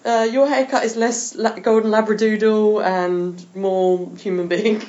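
A woman hosts a podcast in a chatty, enthusiastic way, laughing often as she talks. Her voice sits in a middle pitch. The recording sounds a little dull and lo-fi. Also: flat delivery, unhurried, a little mellow. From England. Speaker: podcast host. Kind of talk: casual chat.

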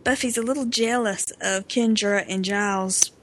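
A woman's voice: medium pitch, steady tone, normal speed, low-quality recording. A woman co-hosting a podcast, chatting casually and reading background facts aloud. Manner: informative, reads out background facts. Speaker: podcast co-host.

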